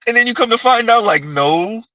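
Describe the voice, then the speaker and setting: Chatty, bright-voiced man on a livestream. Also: very high-pitched, lively intonation, brisk, dry recording, dull audio. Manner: rambling, repeats himself, laughs often. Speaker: livestream host. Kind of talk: casual live chat reading comments.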